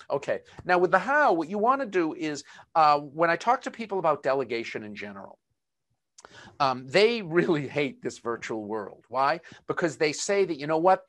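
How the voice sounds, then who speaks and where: A man with a Boston accent leads an online lesson in a conversational way, dotting his points with ums and side remarks. His voice sits a bit higher than most men's. He speaks into a computer mic as he talks to a remote audience. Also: fairly bright tone. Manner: conversational, many fillers and asides. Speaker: webinar presenter. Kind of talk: live webinar lecture.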